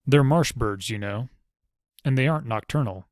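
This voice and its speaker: A man's voice: mid-range voice, normal speed, no echo, lightly acted. A man voicing a wry male ranger commander with a dry, teasing humor.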